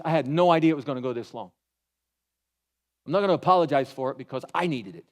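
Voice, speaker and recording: A pastor giving a sermon in an animated, folksy way, mixing humor into his storytelling. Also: fairly high pitch. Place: church.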